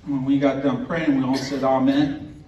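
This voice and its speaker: Male storyteller recounting a haunting; earnest and unhurried, heard from off-mic in a dull, echoey room. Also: medium pitch, level tone, mellow, slight background noise. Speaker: host telling a personal story. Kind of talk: telling a true ghost story to an audience. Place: indoor event room. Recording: roomy, distant, dull recording with faint ambience.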